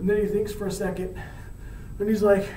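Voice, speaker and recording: Guy teaching, retelling a story all animated and slangy, echoey room, mic far off. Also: high-pitched, brisk, a little hiss or hum. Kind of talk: storytelling lesson.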